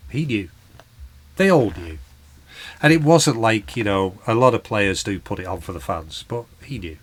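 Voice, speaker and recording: A man's voice: fairly low pitch, fairly bright tone. A man talking in a post-match vlog, earnest and frustrated, going over the game with heartfelt repetition. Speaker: football fan vlogger.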